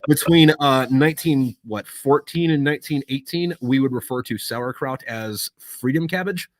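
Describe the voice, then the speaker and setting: A man in a loose, rambling podcast chat, peppering his stories with swearing and getting animated as he goes. His voice sits in a middle register. The recording is dry, with no room sound. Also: mid-range voice, moderate pace, no echo. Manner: profane, rambling, animated storyteller. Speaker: podcast guest. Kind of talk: casual chat.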